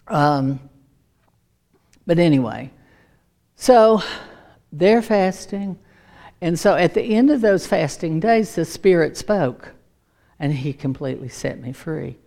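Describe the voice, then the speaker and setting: Animated woman preaching a testimony. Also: lowish voice, slow. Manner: animated storytelling, acts out voices, laughs often. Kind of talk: sermon with personal testimony.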